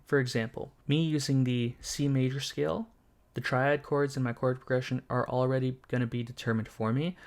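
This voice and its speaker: A man at middle pitch explains music theory in a calm, methodical way. He walks through scales and chords one step at a time, like a patient tutor. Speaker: music production teacher.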